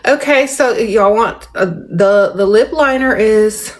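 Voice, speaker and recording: A middle-aged woman hosts a casual livestream, answering viewer comments in a medium-pitched voice. She's restrained and measured, barely moving her mouth, yet her drawl is playful, and she calls everyone "darling" and "y'all."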